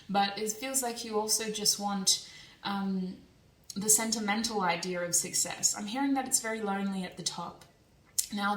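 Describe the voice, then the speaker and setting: A woman's voice: medium pitch, a bit bright. A young woman giving a casual tarot reading, chatty and laughing often as she thinks aloud. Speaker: tarot reader. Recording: echoey room, a bit distant from mic.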